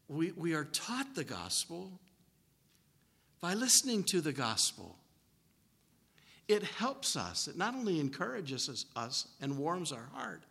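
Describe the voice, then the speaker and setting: A man preaching and telling a folksy story from the pulpit. His voice is bright and forceful, and a long reverb trails after it in a church hall. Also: a little high, gravelly, breathy edge. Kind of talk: storytelling sermon.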